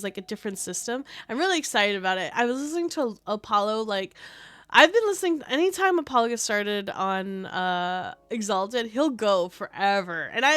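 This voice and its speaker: A woman streamer chatting casually, telling a rambling, animated story about a game session, full of fillers. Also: fairly high pitch.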